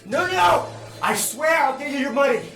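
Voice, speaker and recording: A man's voice: extremely high pitch, animated, moderate pace, echoey room, far from the mic, over music. A man playing a brother who curses at his sister and pleads with her. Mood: defiant, panicked. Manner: shouting, cursing, pleading.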